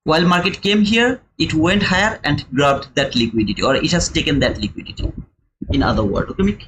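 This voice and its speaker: A man's voice: fairly high pitch, animated, fairly quick, noisy background. A young man with a non-native English accent giving live trading commentary, chatty and repetitive as he walks viewers through a chart and calls them brother. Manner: explains chart step by step, repeats key points. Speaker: day-trading streamer.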